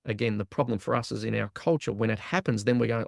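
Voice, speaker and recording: A man, a guest in an interview, explaining in lively fashion and voicing the body's inner talk in quoted lines. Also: fairly low pitch, fast, gravelly, no room sound, clean studio sound. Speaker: guest, trauma release exercise practitioner.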